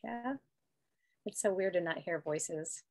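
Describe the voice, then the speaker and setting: A woman author talking haltingly at an online book event, full of fillers and restarts. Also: on the low side, darkish tone, dry recording. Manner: hesitant, many "you know" fillers and restarts. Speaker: author and guest.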